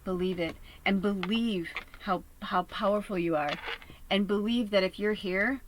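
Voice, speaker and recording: A woman giving a casual spiritual reading from a tiny home RV, chatty and earnest, swearing casually and sometimes dropping to a soft whisper. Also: medium pitch, measured pace, a little hiss or hum, low-quality recording. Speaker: spiritual reader. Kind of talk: casual collective tarot reading.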